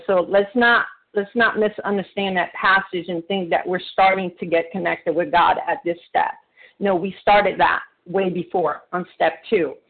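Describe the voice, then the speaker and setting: A man sharing earnestly at a recovery meeting by phone, halting often with restarts and fillers. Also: high voice. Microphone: phone call. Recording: phone-line audio.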